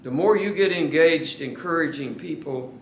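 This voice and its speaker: A man preaching a sermon to his congregation, earnest and slowing down to stress key words. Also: fairly high pitch, slight background noise. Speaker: pastor. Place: church sanctuary. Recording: echoey church room.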